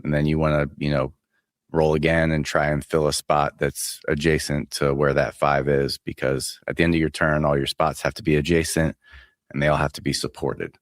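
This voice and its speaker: A man co-hosting a board game podcast in casual chat, giving deadpan, understated verdicts. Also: rumbling low, normal speed, no room sound, studio quality. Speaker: podcast co-host.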